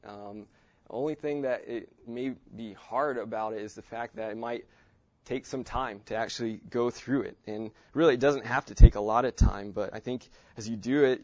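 A man's voice: lowish voice, steady tone, moderate pace, darkish tone, no echo. Guy teaching a bible class, loose and chatty, lots of ums, kinda muffled dry recording. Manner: casual, with many fillers and restarts.

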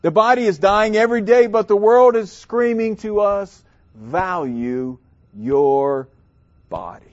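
A man from South Louisiana, preaching a sermon with emphatic, drawn-out delivery and dramatic pauses. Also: sits high, steady tone, muffled recording.

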